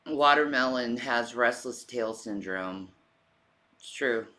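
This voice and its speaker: A woman's voice: extremely low pitch, slow, bright, forceful tone. A woman in her forties chatting casually on a livestream, out of breath, cooing at her cat and sighing often. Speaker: streamer.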